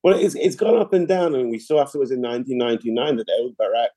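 A middle-aged man with a very dark, mellow voice answers interview questions at length. He is measured and explanatory, and often restarts a phrase. The sound is dry and close, with no room around it. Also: medium pitch, no room sound. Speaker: interview guest, political analyst.

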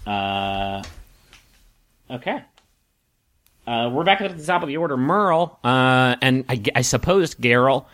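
A man narrating as game master of a tabletop game, halting, with many ums and restarts. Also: medium pitch, animated, a bit bright, no room sound.

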